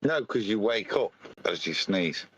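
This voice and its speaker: A man's voice: lowish voice, expressive, unhurried, muffled recording, a little hiss or hum. A man co-hosting a casual live stream, speaking in a dry, sarcastic and stubborn way. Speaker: co-host.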